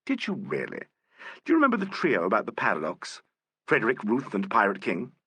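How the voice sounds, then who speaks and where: A man reading as a suave, courteous inspector, gently ironic and very composed. His lively voice rises and falls a lot and sounds bright and a little breathy, recorded dry and close. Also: on the low side, brisk, no room sound, heavily acted. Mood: charming. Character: suave, polite male police inspector. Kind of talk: audiobook character voice.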